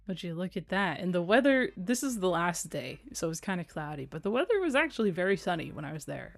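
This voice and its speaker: A woman's voice: on the low side, animated, a little fast, faint music behind. A young American woman chatting casually on a live stream, giggling often and repeating phrases for emphasis. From United States.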